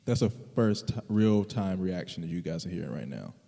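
A man's voice: low voice, animated, gravelly, dark tone, in a large hall. A man hosting a podcast in casual chat, joking and agreeing often. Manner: quick affirmations, joking. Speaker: podcast host.

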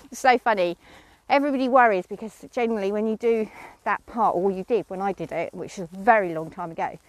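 A woman's voice: mid-range voice, fast, no echo. A middle-aged woman chatting casually outdoors with horses, breaking off to call commands to a horse she is lunging. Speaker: horse owner vlogger.

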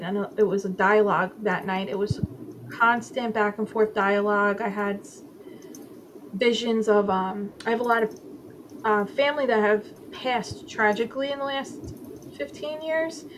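A woman's voice: medium pitch, fairly even intonation, measured pace, background noise. A woman guest in a casual interview, candidly telling a personal story and acting out her own inner voices, with many "like" fillers. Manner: frequent "like" fillers.

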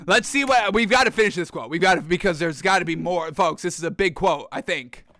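A man's voice: high-pitched, normal speed, bright, forceful tone, dry recording, studio quality. A man hosting a sports talk show, ranting in exasperation and often calling out to his listeners as folks. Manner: exasperated, ranting, mocking voices in quotes; keeps addressing listeners as folks. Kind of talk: opinionated sports rant.

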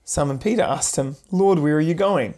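A man co-hosting a podcast, reading scripture aloud at a steady pace between short agreeing remarks. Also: fairly high pitch, moderate pace. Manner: reads steadily, brief agreeing interjections. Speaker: podcast co-host. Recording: voice from far off the mic.

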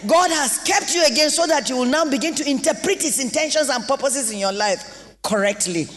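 A Nigerian woman pastor delivering an impassioned sermon with sing-song rises and shouted exclamations in a church hall. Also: sits high, animated, brisk. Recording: long reverb of a large hall.

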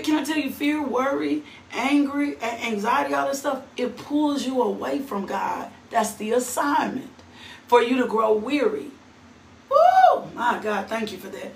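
A woman leads a morning devotional with fervent, preacher-style delivery, breaking into shouted praise and laughter. Her voice sits a little high and carries through an echoey room, heard from a bit away from the mic over faint ambience. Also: creaky, distant mic, a little hiss or hum. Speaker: devotional host.

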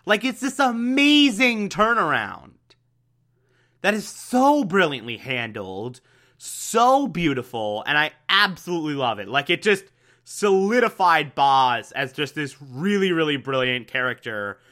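A man's voice: fairly high pitch, very animated, a little slow, fairly bright tone. A young man casually recapping a TV show, enthusiastic and repetitive, with lots of fillers. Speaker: TV recap host.

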